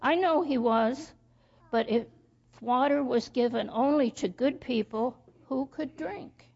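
A woman reading as a gentle, patient young man who speaks calmly and kindly. The voice is slow and creaky, and the lo-fi recording sounds dull. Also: high voice, full character voice.

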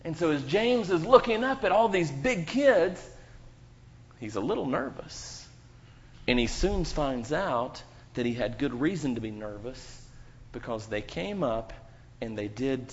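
A man telling a lively children's story in a church service, acting out the characters. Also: medium pitch, a little slow. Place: church sanctuary. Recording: muffled church recording with hall reverb.

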